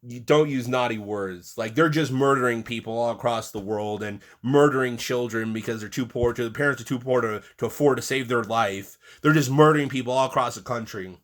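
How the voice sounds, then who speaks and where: A man in an angry political rant, profane and exasperated, mocking and swinging between loud outbursts and low muttering. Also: a little fast, few pauses. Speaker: political commentator.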